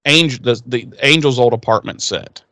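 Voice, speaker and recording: A man's voice: mid-range voice, normal speed, bright, forceful tone. A man co-hosting a podcast, casually recapping an episode in a rambling way, with plenty of fillers and restarts and the odd curse word. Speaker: podcast co-host.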